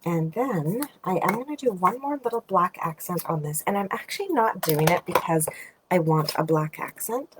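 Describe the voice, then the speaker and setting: A woman with a lowish voice walks through a card-making project in a relaxed, chatty way, talking to herself as she trims and ties. Now and then she sinks into a quiet murmur. A faint hiss runs under her voice. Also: moderate pace. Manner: chatty, thinking aloud while working, drifts into soft murmurs. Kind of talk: casual craft tutorial narration.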